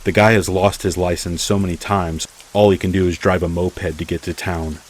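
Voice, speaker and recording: Brief: laid-back homeowner, quick and offhand, low voice, as the narrator puts him on. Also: male voice, level tone. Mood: reassuring. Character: easygoing man reassuring a house sitter.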